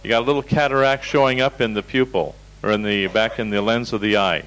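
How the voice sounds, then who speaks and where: A man's voice: lowish voice, steady tone, fast, a bit bright, poor audio. A man teaching a seminar over slides, telling folksy anecdotes in a direct, storytelling way. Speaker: seminar instructor.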